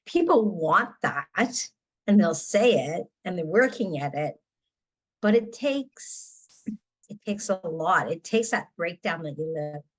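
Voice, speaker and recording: A middle-aged woman sharing personal struggles in a group talk, earnest and halting, swearing bluntly. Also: on the low side, animated, slightly rough, poor audio. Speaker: guest participant.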